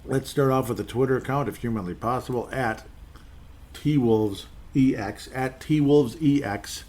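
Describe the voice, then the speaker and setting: A man's voice: mid-range voice, moderate pace, a little mellow. A man in his forties hosting a solo sports podcast, chatty and rambling, often correcting himself mid-sentence as he reads listener messages. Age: 40s. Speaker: podcast host. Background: faint background noise.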